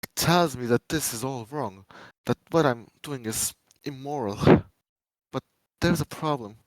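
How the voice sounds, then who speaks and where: A man giving a dramatic reading of fan fiction, a first-person monologue, swinging between menacing loud lines and hushed pleading ones. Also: medium pitch, measured pace, dry recording, rough recording.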